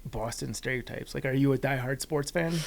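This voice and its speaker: A man's voice: mid-range voice, a little fast, vocal fry. A man hosting a podcast interview, upbeat and jokey with his guests. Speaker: podcast host.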